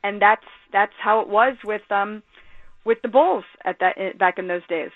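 Animated woman on a tinny phone line. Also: medium pitch, normal speed, no room sound. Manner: animated storyteller, lively and emphatic. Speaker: sports journalist guest. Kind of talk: phone-in radio interview.

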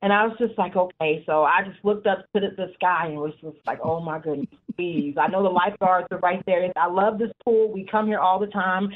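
Forties woman on a tinny phone line, chatty and animated, lots of "you know", middle-pitched voice. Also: brisk, few pauses. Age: 40s. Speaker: support group leader. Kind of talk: casual interview.

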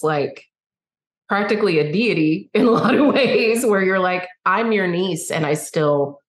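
A woman guest, a singer-songwriter, telling stories in a chatty, animated way and acting out the dialogue. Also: lowish voice. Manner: chatty, animated storyteller who acts out dialogue. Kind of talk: casual interview storytelling. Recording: roomy echo.

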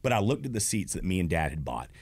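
Expressive, emotional male guest storyteller. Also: low voice, quick pace, slight background noise. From Georgia, USA. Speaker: guest, stadium announcer. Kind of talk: casual chat.

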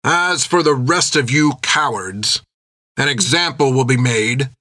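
A man voicing a stern, haughty ship captain who speaks slowly and imperiously. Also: medium pitch, pushed and bright, no echo, clean studio sound. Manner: slow, clipped, imperious.

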